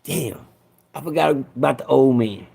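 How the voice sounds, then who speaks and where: A man's voice: medium pitch, unhurried, creaky, warm tone, breathy edge. A middle-aged man telling a rambling, profane story to his live viewers, often breaking off to talk to them directly. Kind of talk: casual livestream storytelling.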